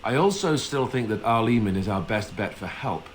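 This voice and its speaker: A man's voice: lowish voice, lively intonation, normal speed, a little hiss or hum, natural voice, rough recording. An actor playing an earnest, self-deprecating young male warrior in a video game.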